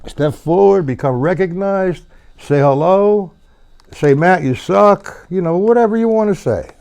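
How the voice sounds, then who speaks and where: A man with a high, mellow, clean-toned voice teaches a drum lesson on a live stream at a moderate pace. He counts beats aloud while playing, chats loosely with viewers, and swears at his own mistakes. A drum kit sounds faintly in the room behind him.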